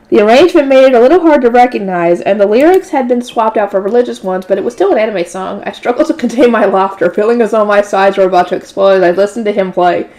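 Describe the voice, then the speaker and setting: A woman's voice: fairly high pitch, a little mellow. A woman reading a light novel aloud in a casual way, correcting slips and adding offhand asides. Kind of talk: casual read-aloud narration.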